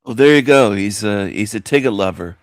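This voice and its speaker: A man's voice: fairly low pitch, animated, fairly quick, dry recording, clean studio sound. A man hosting a reaction commentary, mocking and confronting the video he is watching. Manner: mocking, confrontational, talks back at the clip.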